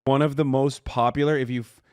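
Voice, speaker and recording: A man's voice: mid-range voice, steady tone, fairly quick, clear, resonant tone, no echo, studio quality. A man in his thirties who streams and reacts to a video, talking casually, bluntly and mockingly with a lot of slang. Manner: blunt, slangy, mocking, bursts into loud laughter.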